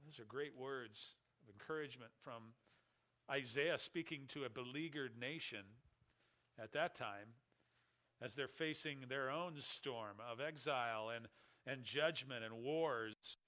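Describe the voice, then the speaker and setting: Brief: male pastor, expressive sermon delivery, bright tone. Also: medium pitch. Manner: expressive preaching, rises loud and drops quiet for emphasis; reads scripture aloud slowly and deliberately.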